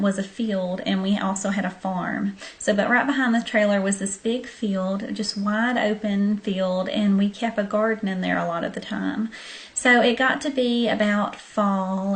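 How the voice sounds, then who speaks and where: Chatty Southern-accented woman vlogger. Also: medium pitch. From southern Arkansas. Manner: chatty, many ums, friendly direct address. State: tired, up late at night. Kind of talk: casual storytelling to camera.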